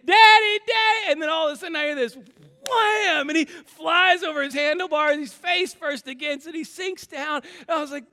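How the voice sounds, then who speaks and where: Pastor guy in his 30s preaching, high bright voice, tells stories with lots of energy. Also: big-room sound. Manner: animated storytelling, acts out dialogue. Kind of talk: sermon with personal stories.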